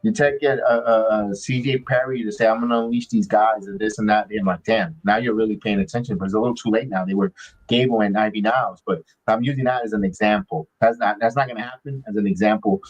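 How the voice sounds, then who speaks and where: A man's voice: fairly low pitch, lo-fi sound, soft background music. A man hosting a live watch-along, chatting casually and rambling with frequent restarts and fillers. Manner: rambling, halting, many restarts. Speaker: podcast host.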